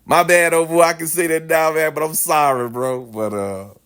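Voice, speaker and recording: A man's voice: on the high side, moderate pace, clear, resonant tone. A man telling a casual, slangy story with plenty of swearing and a lot of expression. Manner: animated, slangy, swears freely.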